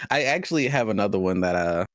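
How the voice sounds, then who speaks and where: A man, co-hosting a casual podcast chat, animated and laughing often. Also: fairly low pitch. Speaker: podcast co-host.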